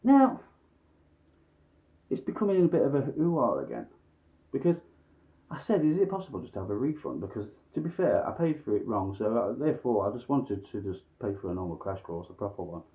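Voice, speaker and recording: A man's voice: fairly low pitch, sing-song, brisk. A man telling a frustrated story to his viewers in blunt, sweary casual talk with chuckles, recorded at home. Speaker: vlogger. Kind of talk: casual ranting monologue. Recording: phone-like lo-fi sound.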